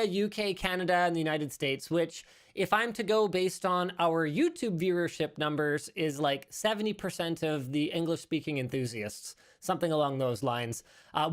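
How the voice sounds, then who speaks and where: Guy hosting a tech podcast, rambly and animated, keeps fixing what he just said. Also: a little high, moderate pace. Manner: animated, rambling, self-correcting. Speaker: podcast host. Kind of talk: casual tech news chat. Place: studio.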